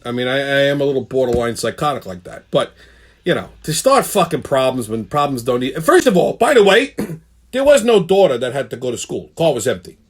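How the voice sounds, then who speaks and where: A man's voice: mid-range voice, sing-song, a little fast, breathy edge. A male show host telling a heated, profane story in a blunt ranting monologue.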